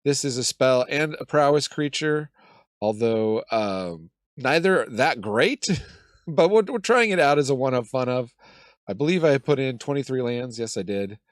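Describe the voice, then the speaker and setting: Hoarse male host, cold-roughened voice, casual think-aloud game commentary, dry close sound. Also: mid-range voice, animated, unhurried, no echo. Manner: chatty, thinks aloud, self-deprecating laughs. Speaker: gaming channel host.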